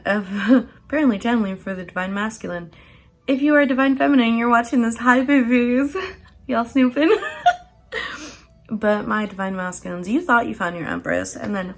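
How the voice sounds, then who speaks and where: Gravelly, playful woman reading tarot cards. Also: on the low side. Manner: playful and chatty, laughs often, swears casually. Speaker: tarot card reader. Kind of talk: casual pick-a-card tarot reading.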